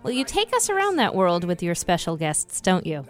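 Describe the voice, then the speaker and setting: A woman's voice: lowish voice, huge pitch swings, normal speed, soft background music. A woman hosting a talk radio show, upbeat and conversational as she introduces segments and questions a guest. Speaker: radio host. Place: radio studio.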